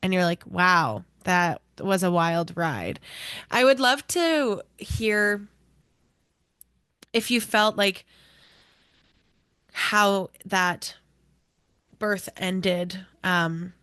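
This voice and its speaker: Slow-talking woman host, dry close sound. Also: on the low side, lively intonation, clear, resonant tone, dry recording. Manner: supportive listener, frequent "yeah" and soft laughs. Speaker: podcast host. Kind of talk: casual podcast interview.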